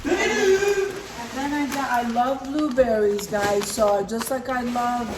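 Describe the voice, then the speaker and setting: A woman's voice: on the high side, takes it slowly. A middle-aged woman chatting casually through a grocery haul at home, sometimes talking with her mouth full. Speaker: vlogger showing a grocery haul. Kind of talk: casual haul vlog chat. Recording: echoey room, mic far off, clear background noise.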